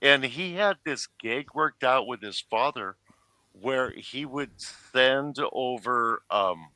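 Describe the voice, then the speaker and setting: A man's voice: mid-range voice, expressive, slow pace, bright, forceful tone, no echo, low-quality recording. A man from Washington State co-hosting a casual podcast, chatty and laid-back. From Washington State, USA. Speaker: podcast co-host. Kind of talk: casual chat.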